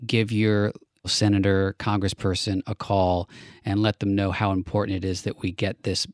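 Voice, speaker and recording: A man co-hosting a casual political chat show, relaxed and chuckling, thinking aloud with frequent fillers. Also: on the low side, moderate pace, clean tone, no room sound, clean studio sound. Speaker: podcast co-host.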